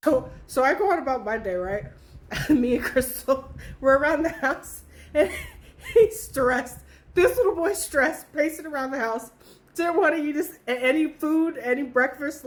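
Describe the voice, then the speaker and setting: A young woman tells a childhood story in a relaxed, casual way, with a noticeably high voice. She swears freely and breaks into laughter often. The delivery stays chatty and unpolished.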